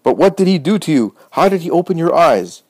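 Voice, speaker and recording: A man's voice: fairly high pitch, very animated, brisk, darkish tone, dry recording, pitched above the performer's own voice. A man doing scornful haughty Pharisee elders. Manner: haughty, scolding, raised voice.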